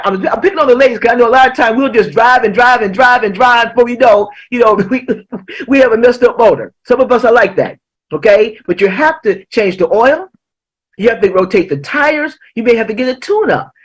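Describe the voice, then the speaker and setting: Husky woman giving a lively motivational talk. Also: on the high side, low-quality recording. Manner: emphatic, repeats key lines slowly. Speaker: motivational speaker and life coach.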